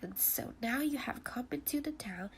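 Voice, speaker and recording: Playful young wife, read by a woman in a soft gravelly voice, a bit higher, stuffy nose, faint hiss. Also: expressive, normal speed. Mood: eager.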